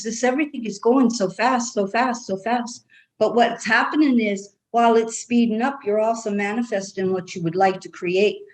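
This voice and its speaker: In a rough recording, a woman channels in trance with an Irish brogue, speaking slowly and soothingly to a group of guides. Her voice is medium-pitched.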